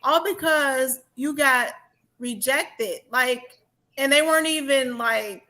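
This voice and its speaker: Middle-aged woman, casual podcast co-host, emphatic storyteller, high and bright. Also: takes it slowly.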